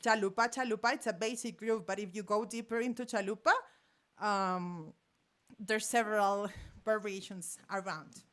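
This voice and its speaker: A woman's voice: mid-range voice, measured pace, fairly bright tone. Woman teaching drum rhythms. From Colombia. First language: Spanish. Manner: counts rhythms aloud with vocal syllables while drumming. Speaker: percussion teacher. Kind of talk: music master class. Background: hand drums and percussion.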